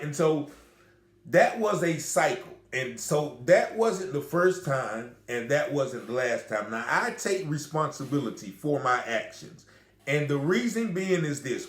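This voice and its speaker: A man's voice: on the high side, fairly bright tone. A middle-aged man candidly telling a personal story, emphatic and full of asides to the listener. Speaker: storyteller recounting a personal experience. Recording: echoey room.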